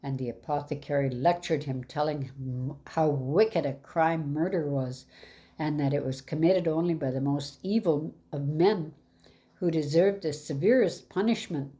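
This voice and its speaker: A woman reading a fairy tale aloud in an even, measured way. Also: low voice. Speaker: storyteller.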